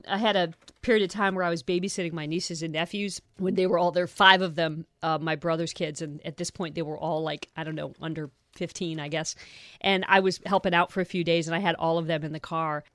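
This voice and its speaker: A woman guest in a casual chat, expressive and laughing easily, her voice swinging up when she gets animated. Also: on the low side, a little fast, no echo, studio quality.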